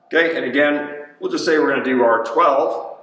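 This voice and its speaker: A man's voice: mid-range voice, normal speed, fairly bright tone, distant mic. A man, a personal trainer, coaching an exercise demo in a gym in an upbeat, chatty way and counting reps aloud. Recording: echoey gym, voice from off-mic.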